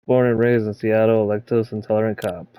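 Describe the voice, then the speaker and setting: Playing a story game, a man reads every character's lines aloud, mostly in his own voice. His lowish voice is clear and resonant, delivered flatly and a little fast, with the highs cut off.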